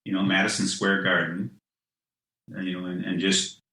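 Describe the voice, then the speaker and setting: A man talks loosely on a podcast, circling back with restarts and "you know" over and over. His voice is bright and forward. The room around him sounds roomy and echoey. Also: deep voice, moderate pace. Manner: animated, laughs at his own ideas. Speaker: guest, comic writer. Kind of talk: casual podcast conversation.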